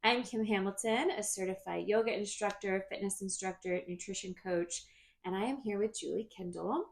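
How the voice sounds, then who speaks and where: A woman's voice: medium pitch, normal speed. A woman hosting a health and wellness podcast, a yoga instructor asking her guest curious questions. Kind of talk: podcast interview.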